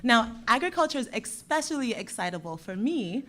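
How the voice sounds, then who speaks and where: A young woman from Dominica giving a lively, playful speech to schoolchildren at a closing ceremony. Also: on the high side, a little fast. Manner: lively, playful with the children, warm encouraging. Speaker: guest speaker from a bank.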